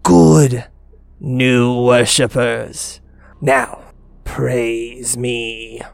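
Man doing a grandiose goblin god, deep, booming, gravelly, slow. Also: fairly even intonation, no room sound. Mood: commanding. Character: pompous male goblin self-proclaimed god, bossy.

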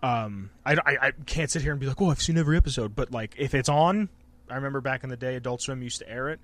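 A man's voice: medium pitch, quick pace, a bit bright. A man hosting a podcast in casual chat, rambling and swearing freely. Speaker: podcast host.

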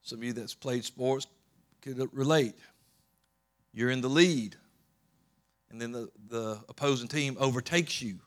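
A man preaching a sermon, swinging between loud emphatic peaks and low soft storytelling, often repeating words and restarting. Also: a little slow, pauses often. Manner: rising to loud emphatic peaks, then dropping low and soft while retelling scripture.

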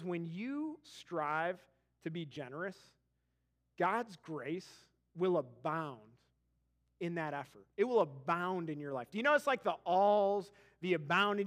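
Pastor, man, thirties, light high voice, animated storyteller who stumbles and repeats words. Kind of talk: sermon. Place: church auditorium.

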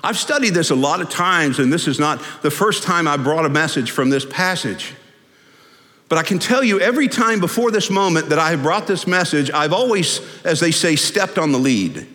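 Pastor guy telling the story loose and funny, high voice, echoey. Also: expressive, normal speed, bright, forceful tone. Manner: conversational, humorous storytelling. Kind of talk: sermon. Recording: echoey hall.

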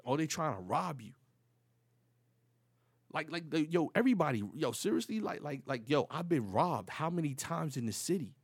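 Gravelly New man telling stories. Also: fairly high pitch, moderate pace, no echo. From New York City. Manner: animated, profane street slang, acts out quoted dialogue. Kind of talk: casual storytelling.

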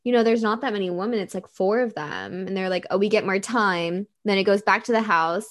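A woman co-hosting a podcast, chatting animatedly about a reality show, quick to laugh. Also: medium pitch. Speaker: podcast co-host. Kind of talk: casual chat recapping a reality show.

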